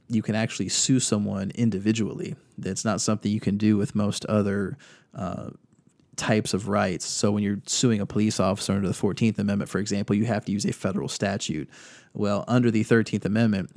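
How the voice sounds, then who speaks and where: A man's voice: lowish voice, darkish tone, no echo. A man hosting a podcast, reading news quotes and adding casual commentary. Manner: reads quotes from articles, adds opinion. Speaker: podcast host.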